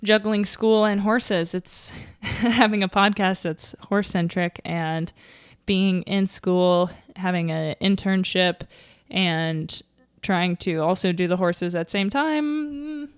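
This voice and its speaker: Slightly out of breath, a young woman muses aloud on her solo podcast, full of fillers and restarts in a casual, chatty way. Her medium-pitched voice is clean and unhurried, recorded in a clean studio with no room sound.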